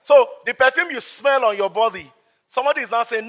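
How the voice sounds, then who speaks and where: Man, Nigerian accent, pastor, lively sermon storytelling, high voice. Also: a little fast. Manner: animated storytelling, acts out voices. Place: church service.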